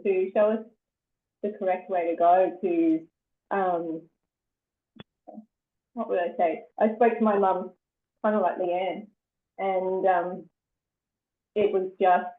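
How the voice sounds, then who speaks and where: Hesitant woman on tinny, echoey audio. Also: fairly low pitch. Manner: hesitant, searches for words with many fillers. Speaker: class participant. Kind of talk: casual sharing on a video call.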